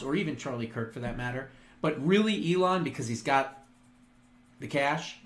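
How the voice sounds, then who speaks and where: A man hosts his own show in a ranting, crude monologue. His voice sits high for a man and swings widely in pitch. He hammers his points home with slow, loud emphasis. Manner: slows down and gets loud to act out imagined speeches. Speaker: host. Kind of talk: opinion monologue.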